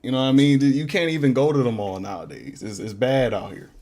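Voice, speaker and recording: A man's voice: medium pitch, huge pitch swings, moderate pace, a little mellow. Laid-back young man rambling on stream. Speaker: beatmaker streamer. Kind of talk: casual livestream Q&A. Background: faint beat playing.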